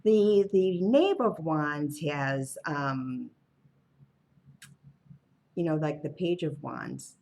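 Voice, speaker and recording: A woman's voice: sits low, animated, extremely slow, creaky, long pauses, darkish tone. A woman reading tarot cards alone on her channel, musing in a wandering, offhand way. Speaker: tarot reader. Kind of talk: casual tarot reading monologue.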